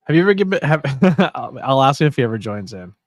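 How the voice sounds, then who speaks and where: A man's voice: medium pitch, sing-song, fast, no room sound, clean studio sound. A man hosting a casual livestream, chatting loosely about wrestling and telling stories with a laugh, sleepy and yawning. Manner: chatty, laid-back, laughs at own stories. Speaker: livestream host. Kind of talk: casual chat watching wrestling.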